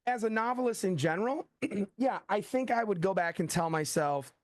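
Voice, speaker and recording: A middle-aged American thriller author chats in a casual interview, telling stories with animation, acting out quoted dialogue, and saying "like" often. His voice sits high at a moderate pace, and the clean studio sound has no room sound.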